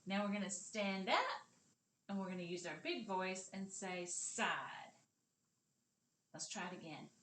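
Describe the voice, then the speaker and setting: A woman's voice: medium pitch, fairly even intonation, normal speed, a bit bright, a little hiss or hum. A woman teaching a kindergarten literacy lesson, coaxing children along in an encouraging sing-song voice and dropping to a whisper for parts of words. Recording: echoey room.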